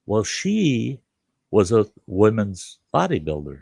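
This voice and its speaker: A man's voice: fairly low pitch, sing-song, measured pace, creaky, darkish tone, breathy edge, no echo. An older man telling a funny story in a folksy, casual way, chuckling and slipping into the voices of the people in it. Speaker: storyteller host.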